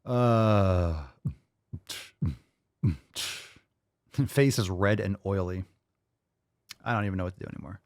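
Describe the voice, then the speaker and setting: A man's voice: low-pitched, slow pace, pauses often, a little mellow, no echo, clean studio sound. A man hosting his fitness channel, reacting to clips with profane, exasperated ranting. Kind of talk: reaction commentary.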